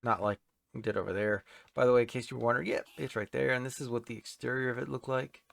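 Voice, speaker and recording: With a steady, mid-range voice full of vocal fry, this fast-talking man streams a building game. He rambles loosely and talks to the on-screen creatures, while loud background noise runs underneath.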